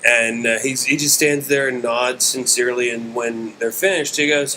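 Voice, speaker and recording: A man from West Virginia hosting a podcast, telling comedy stories in a dry, deadpan way. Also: mid-range voice, normal speed, background noise. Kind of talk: casual storytelling.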